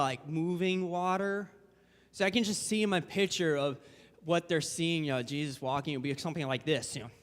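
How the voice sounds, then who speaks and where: A man's voice: a little high, a bit bright. Young man preaching in an echoing church. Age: young adult. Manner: casual and conversational, acting out quotes. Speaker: guest preacher. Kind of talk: informal sermon. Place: church sanctuary. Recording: long church hall reverb.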